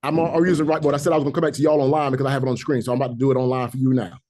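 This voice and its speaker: A man teaching a Hebrew reading class, patiently explaining rules and sounding out syllables slowly, one by one. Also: medium pitch, level tone, mellow. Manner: patient, repeats sounds slowly to demonstrate pronunciation. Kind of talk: classroom language lesson.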